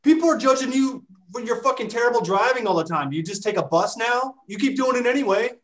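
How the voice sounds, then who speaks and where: A man, a personal trainer, talking in casual podcast banter, brash and profane, mocking gym-goers with quick impressions. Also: very high-pitched, animated, a bit bright.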